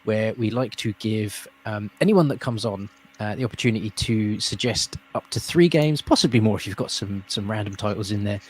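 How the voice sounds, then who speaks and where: A man's voice: fairly low pitch, a little mellow. A man hosting a live stream, rambling and laughing in casual chat. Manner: friendly, rambling, laughs often. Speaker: host. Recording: faint noise.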